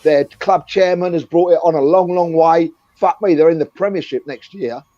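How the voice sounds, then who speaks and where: Blunt bloke, swears freely, high-pitched, muffled dry lo-fi audio. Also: male voice, normal speed, warm tone. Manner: blunt, swearing, threatening when riled. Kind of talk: sweary casual livestream chat. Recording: dry, dull lo-fi sound.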